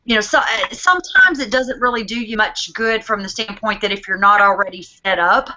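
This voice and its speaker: A woman's voice: mid-range voice, brisk, highs cut off, very noisy. A woman talking in a casual online hangout, chatty and full of "um" fillers, over a video call. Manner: chatty, many "um" fillers and restarts.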